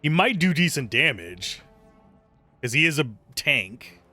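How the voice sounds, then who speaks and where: A man's voice: on the high side, big pitch swings, measured pace, pushed and bright, faint music behind. A man giving casual, wry commentary while playing a game. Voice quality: chatty, wry, self-amused. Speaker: game streamer.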